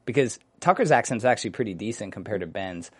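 A man's voice: on the low side, expressive, quick pace, crowd noise. A man in casual chat about a sitcom episode, joking and often talking over his co-host. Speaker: podcast co-host.

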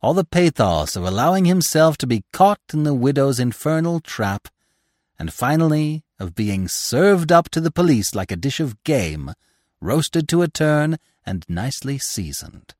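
This male audiobook narrator delivers scripted narration of a classic tale with expressive flair. He speaks at a measured pace in a medium pitch, captured as clean studio sound with no room noise.

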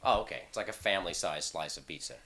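A man's voice: low voice, quick pace, sharp tone, a little hiss or hum. A middle-aged man, a voice actor, chatting in an interview in a playful, joking way. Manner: playful, joking, breaks into laughs. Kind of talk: casual interview chat.

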